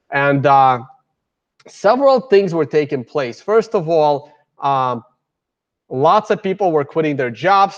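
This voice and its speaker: A man giving a casual live lecture with slides, rambling with many fillers and restarts. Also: medium pitch. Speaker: guest speaker. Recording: dull lo-fi lecture recording.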